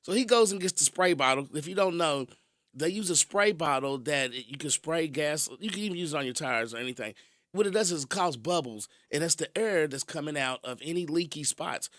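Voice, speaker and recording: A man hosting a radio show, telling stories in an animated way and chuckling as he talks. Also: a little high, fairly quick, no echo, clean studio sound. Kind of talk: casual radio storytelling.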